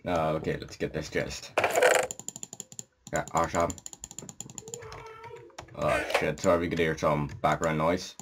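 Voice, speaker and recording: A man's voice: rumbling low, little pitch movement, measured pace, long pauses. A man with a groggy morning voice, giving casual, rambling commentary while he plays a game. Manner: rambling, casual, swears when startled. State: groggy morning voice, just out of bed. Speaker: gameplay commentator. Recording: noisy home mic with keyboard clicking.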